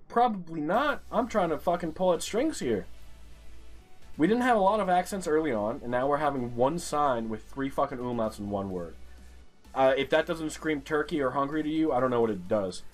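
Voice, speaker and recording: A man with a New York accent commentating a geography guessing game, exasperated and swearing constantly as he rants at what he sees. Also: a little high. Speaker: streamer playing a geography game. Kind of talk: profane gaming commentary.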